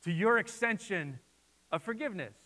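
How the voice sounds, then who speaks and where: High-voiced preacher in an echoing hall. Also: male voice, moderate pace. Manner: animated, repeats phrases while voicing listeners' doubts. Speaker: pastor. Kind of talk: sermon.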